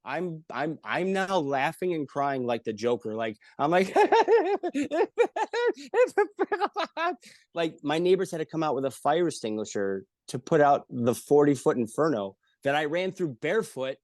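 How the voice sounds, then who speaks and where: A man telling stories in casual chat, lively and profane, acting out the people he quotes. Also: fairly high pitch, moderate pace, hardly any pauses, no echo. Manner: animated, swearing, acts out quotes in voices. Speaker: podcast guest. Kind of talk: casual storytelling.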